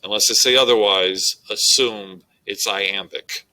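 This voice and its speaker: A man's voice: fairly low pitch, fairly even intonation, a little slow, sharp tone, low-quality recording. A male English teacher giving a methodical, explanatory recorded lecture on poetry.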